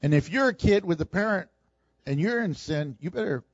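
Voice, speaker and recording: A man preaching a sermon, animated and humorous, acting out the people in his story. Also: high voice, brisk, no room sound, highs cut off. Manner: animated preaching, acts out quoted voices with humor. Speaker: pastor.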